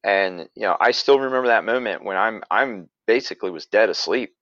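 A man's voice: fairly low pitch, brisk, a bit bright, no echo, lo-fi sound. A man and podcast regular telling a story casually, rambling with many fillers and restarts. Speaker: paranormal investigator and podcaster.

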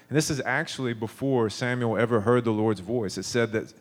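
A man's voice: mid-range voice, fairly quick, hardly any pauses. A man in his thirties preaching a sermon, telling stories in a conversational way with frequent restarts.

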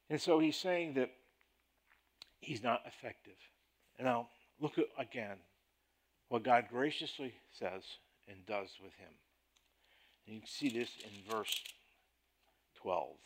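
A man preaching a sermon as a pastor, deliberate and emphatic in his delivery. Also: mid-range voice.

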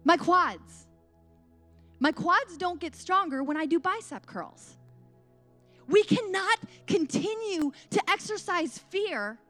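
A woman's voice: very high-pitched, a bit bright. A woman giving a devotional sermon talk, earnest and emphatic, mixing preaching with casual asides.

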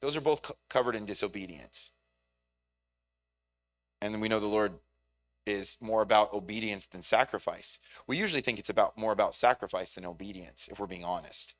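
A man preaching a sermon in a conversational, animated way, often repeating words as he thinks. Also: fairly low pitch, fairly quick, no echo, soft background music. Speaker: pastor.

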